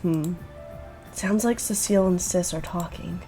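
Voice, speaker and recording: A woman's voice: on the low side, steady tone, unhurried, warm tone, faint music behind. A young woman casually commenting and reacting while playing through a horror visual novel. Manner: reacts aloud, chatty and emotional. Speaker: gaming streamer.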